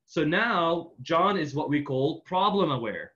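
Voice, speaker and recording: A man with a fairly high voice teaches in a loose, conversational way, telling a story and checking in with "right?" after most sentences. He leans on lots of fillers, and the recording sounds dull and lo-fi. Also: lively intonation, measured pace, fairly bright tone. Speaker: real estate marketing coach. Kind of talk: casual teaching in a Q&A.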